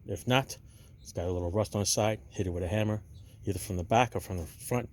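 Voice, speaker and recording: Chatty low-voiced man explaining car repair. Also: quick pace, background noise. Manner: chatty, addresses viewers as "people"; blunt, opinionated advice. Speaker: DIY car repair channel host. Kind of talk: casual how-to walkthrough.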